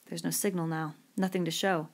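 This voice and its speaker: A man's voice: on the high side, little pitch movement, a little fast, natural voice. A woman reading a stubborn, urgent boy who leads the others, giving clipped, insistent commands. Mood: glum.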